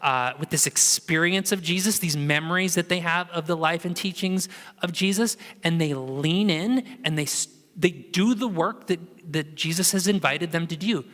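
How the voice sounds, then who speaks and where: A man delivers a sermon in a church, telling the story in a relaxed, conversational way. His voice is bright and somewhat high for a man. It rings out in a hall with a long reverb. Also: normal speed. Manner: conversational, animated storytelling with acted quotes. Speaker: pastor. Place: church sanctuary.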